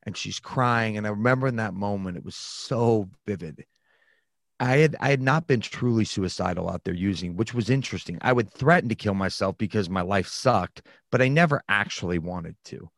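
A man with a low, grounded voice tells a candid personal story in a sit-down conversation. He sounds reflective and unpolished and often starts his sentences over. The recording is close and dry, with no room sound. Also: moderate pace, no room sound. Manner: frank and reflective, with frequent restarts.

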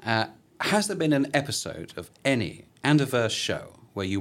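A man chatting on a podcast, animated and jokey, acting out characters' lines in playful voices. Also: medium pitch, normal speed. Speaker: podcast guest. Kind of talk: casual chat.

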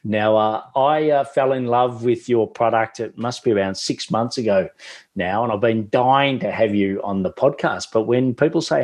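A man's voice: medium pitch, normal speed. A man with an Australian accent hosting a podcast in a chatty, enthusiastic way. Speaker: podcast host.

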